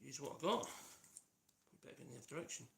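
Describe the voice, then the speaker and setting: Expressive and very fast, this Norfolk man speaks in a gravelly, medium-pitched voice with a sharp tone. He hosts a woodworking channel, chatting loosely and humming to himself during a casual live demo in his home workshop in the East of England. Sanding and tool noise run through the noisy stream.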